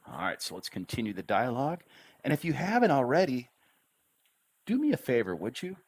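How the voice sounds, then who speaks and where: A man tutoring English on a livestream, speaking slowly and deliberately with an encouraging teacher's manner. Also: medium pitch, wildly swooping pitch, husky. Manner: slow, deliberate syllable-stressed delivery of practice dialogues. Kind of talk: livestream language lesson.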